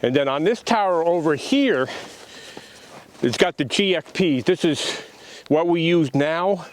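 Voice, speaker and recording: A man's voice: on the high side, expressive, a little slow. A man in his fifties, a radio operator and tower builder, explaining his antennas outdoors in a matter-of-fact way. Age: 50s. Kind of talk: casual on-site explanation to camera.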